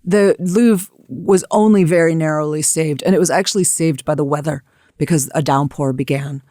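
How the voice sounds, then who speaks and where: A woman's voice: sits low, normal speed, warm tone, dry recording, clean studio sound. An American woman co-hosting a history discussion, telling events in a vivid, emphatic way. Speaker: co-host.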